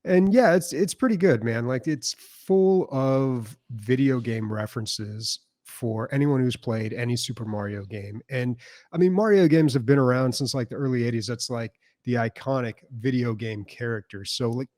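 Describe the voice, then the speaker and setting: A man in casual podcast chat, talking in long loose runs full of fillers. His voice sits at an ordinary middle pitch. The sound is dry and close, with no room around it. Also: normal speed, a little mellow, dry recording. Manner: rambling, filler-heavy storytelling. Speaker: podcast co-host.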